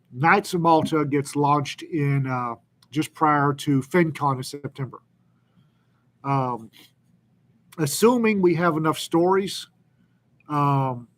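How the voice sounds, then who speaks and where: A man co-hosting a casual live chat, making announcements with lots of pauses and ums, and joking about himself. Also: a little high, a bit bright. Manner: halting, many ums, self-deprecating. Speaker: co-host, anthology editor.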